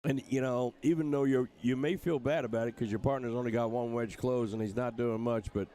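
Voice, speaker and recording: A man's voice: medium pitch, steady tone, fairly quick, warm tone. An older man from England commentating live on darts, in a chatty, joking way. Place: streaming booth at a dart tournament.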